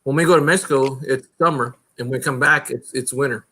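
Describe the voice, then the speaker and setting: A man with a mid-pitched, bright and forward voice. He tells casual anecdotes to friends in a chatty way. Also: brisk, breathy edge, poor audio. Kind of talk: casual storytelling.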